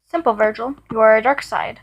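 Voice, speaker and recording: A woman voicing a brainwashed young man who speaks flatly and dismissively, in a fan-read audio story. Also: a little high, fairly quick, close to an everyday voice, low-quality recording. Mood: cold. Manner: flat, dismissive delivery. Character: cold, monotone young man, a brainwashed hero.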